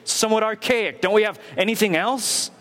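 A man's voice: high voice, normal speed, fairly bright tone, long reverb tail. A man preaching a sermon as pastor, with emphatic rhetorical questions and repetition. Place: church sanctuary.

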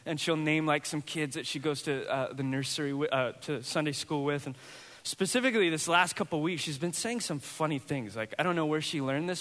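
A bright-toned man with a slightly high voice preaches to his congregation, his words carrying in a hall with a long reverb. He is a pastor in his thirties, telling a personal story and acting out the voices in it with plenty of animation. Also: fairly quick. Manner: animated storyteller, acts out voices in quoted dialogue.

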